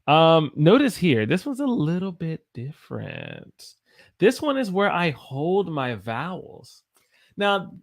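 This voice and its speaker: A man with a slightly high voice and vocal fry speaks with a Southern US accent. He teaches pronunciation slowly, repeating example words over and over while answering viewer comments.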